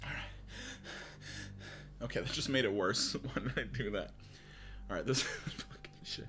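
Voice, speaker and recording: Giggly, swearing male streamer with lively pitch. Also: normal speed, long pauses. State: out of breath. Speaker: live streamer. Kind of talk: casual live-stream chat and story reading. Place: home, near a bathroom.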